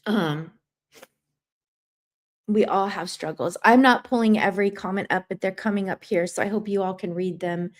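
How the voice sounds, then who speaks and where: A woman's voice: medium pitch, moderate pace. A woman hosting a livestream, talking earnestly while crying and reading viewer comments aloud. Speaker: livestream host.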